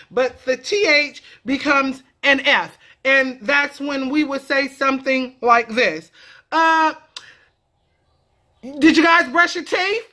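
Woman vlogger, casual comedic explainer; animated and cheeky with a sharp, bright tone. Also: high-pitched. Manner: animated, profane, playful banter.

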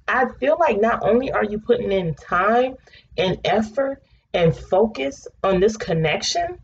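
A woman giving a casual tarot reading, chatty and blunt, swearing freely and breaking into excited laughter. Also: medium pitch, a little slow, creaky. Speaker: tarot reader. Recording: slightly dull home recording with faint noise.

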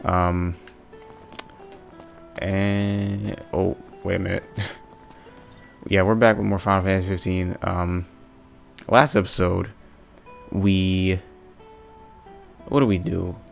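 A man's voice: low-pitched, flat delivery, slow, gravelly, long pauses, faint music behind. A young man hosting a let's play, exasperated and ranting at the game, swearing often. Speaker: gaming video host.

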